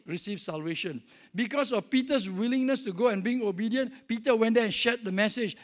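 Man, pastor, sermon, very high pitch, jovial, storytelling. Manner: jovial, storytelling with acted-out dialogue.

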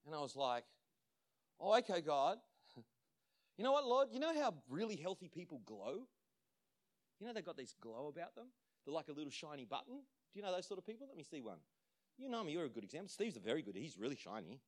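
Male pastor, slightly higher voice, animated storytelling sermon, laughs a lot. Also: fast. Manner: animated storytelling, acts out quotes, laughs often.

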